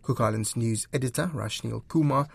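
A man reading scripted news in a measured, formal way. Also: mid-range voice, vocal fry, slightly rough, no echo. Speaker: news presenter. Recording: dry studio.

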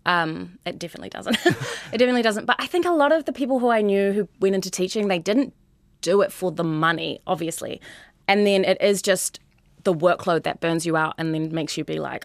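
A young woman, a high school teacher talking candidly in an interview, earnest and chatty, full of "like" and "you know". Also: brisk, no room sound. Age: 20s.

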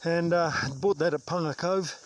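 A man's voice: on the high side, steady tone, moderate pace. Chatty New Zealand man on a trail. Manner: chatty, self-mocking, sprinkles in mild swearing. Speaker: vlogger hiking a long trail. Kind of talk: casual hiking vlog talk. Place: outdoors on a bush trail. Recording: outdoor noise, insects behind.

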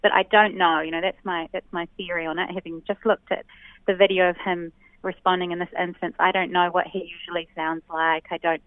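A woman's voice: fairly low pitch, little pitch movement, fairly quick, no echo. A New woman, a sociolinguist, explaining ideas thoughtfully on a radio phone interview, with many hesitations. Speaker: sociolinguist guest. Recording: tinny phone line.

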